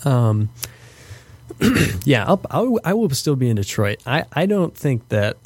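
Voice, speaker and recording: A man's voice: mid-range voice, big pitch swings, takes it slowly, a little mellow, slightly rough, no room sound. A young man answering interview questions as a guest, thoughtful and hesitant, with frequent fillers and restarts. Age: young adult. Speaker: podcast guest.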